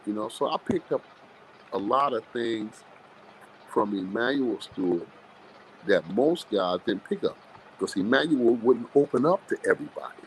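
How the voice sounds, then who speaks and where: A man, a boxing trainer, telling blunt, animated stories with plenty of swearing in a live interview. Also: mid-range voice, normal speed, a little hiss or hum, rough recording. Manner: animated, blunt, profane storytelling.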